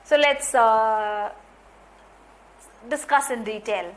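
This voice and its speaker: A woman training teachers in phonics, explaining points slowly and deliberately and repeating key ideas. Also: a little high, animated, noisy background. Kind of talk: instructional lecture.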